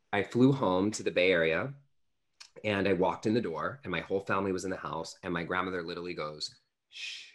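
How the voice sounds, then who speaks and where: In his thirties, this man has a low but slightly bright voice. He's an interview guest earnestly recounting a personal story in conversation, with plenty of filler words.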